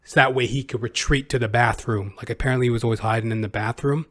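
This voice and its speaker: A male podcast host giving rambling, sarcastic commentary. He talks casually with plenty of profanity and filler. His pitch sits in a middling range. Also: fairly even intonation, quick pace.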